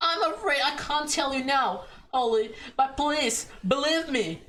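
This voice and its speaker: A woman's voice: high-pitched, a little slow, a bit bright, voice pushed up. A woman voicing a guilty young woman who stammers and pleads with her friend. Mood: pleading.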